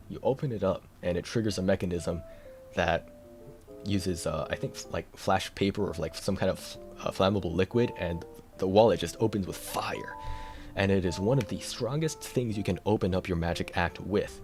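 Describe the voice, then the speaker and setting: A man's voice: deep voice, normal speed, darkish tone, soft background music. A man chatting casually on a live stream, rambling and self-deprecating, with a tired voice.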